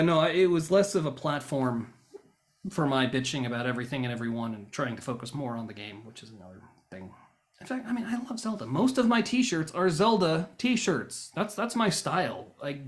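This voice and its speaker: A man talking straight to camera in a rambling, casual monologue. He rants and mocks himself wryly, and sometimes flares into loud bursts. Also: fairly high pitch. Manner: ranting, wry and self-mocking. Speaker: YouTuber.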